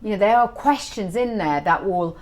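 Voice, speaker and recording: A middle-aged woman being interviewed as an author, telling stories in an animated, chatty way. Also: mid-range voice, moderate pace. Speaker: author guest. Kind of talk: casual interview chat.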